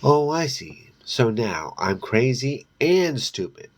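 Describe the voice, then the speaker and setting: A man's voice: medium pitch, big pitch swings, slow pace, pitched above the performer's own voice, heavily acted. A man reading aloud, voicing a frightened teenage girl who pleads and insists she is telling the truth. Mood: exasperated.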